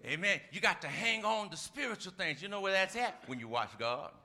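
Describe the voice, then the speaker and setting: A man preaching a sermon, calling out to the congregation and swinging from shouted lines to quiet asides. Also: high-pitched, animated, a little fast. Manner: call-and-response preaching, shifts between shouting and soft asides.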